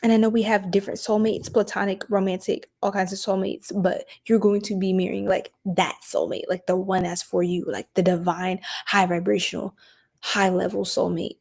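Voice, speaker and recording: A tired woman giving a late-night live stream tarot reading, chatting playfully in slang and often dropping into soft whispers. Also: medium pitch, level tone, normal speed, creaky. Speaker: tarot reader.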